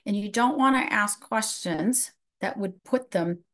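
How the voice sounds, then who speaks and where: A woman's voice: mid-range voice, measured pace, fairly bright tone. A middle-aged woman presenting a live webinar, answering audience questions from the chat in a conversational way.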